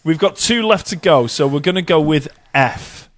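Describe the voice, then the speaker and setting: A man's voice: on the high side, lively intonation, normal speed, no echo. Stammery guy hosting a chat. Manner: stammering restarts, swears casually, laughs often. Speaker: podcast host. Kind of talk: casual podcast chat.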